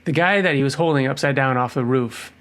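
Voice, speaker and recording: A man co-hosting a podcast, chatting casually and acting out quotes in a raised voice. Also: fairly quick. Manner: animated, acts out quotes in a higher voice. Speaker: podcast co-host. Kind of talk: casual chat.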